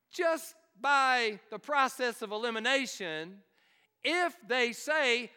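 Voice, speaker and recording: A man preaching, his voice pitched very high and pushed out with forceful energy. His tone is smooth and resonant as he keeps firing questions at the congregation. The sermon rings through a church hall with a long reverb. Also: lively intonation, takes it slowly. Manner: emphatic, asks the congregation questions. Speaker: pastor.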